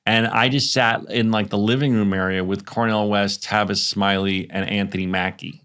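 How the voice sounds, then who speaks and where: A man co-hosting a podcast, chatting casually and telling animated, rambling stories full of fillers. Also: fairly low pitch, normal speed, smooth. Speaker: podcast co-host. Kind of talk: casual chat.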